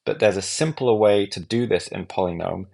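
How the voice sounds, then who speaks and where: A man giving a calm, methodical step-by-step walkthrough of a music app. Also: lowish voice, normal speed, vocal fry. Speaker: app tutorial presenter. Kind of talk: screen-recorded software walkthrough.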